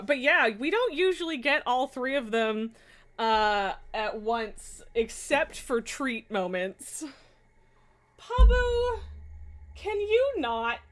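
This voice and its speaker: A woman's voice: fairly high pitch, a bit bright. A woman live streamer chatting casually from her home streaming room, laughing often, swearing and scolding her cats.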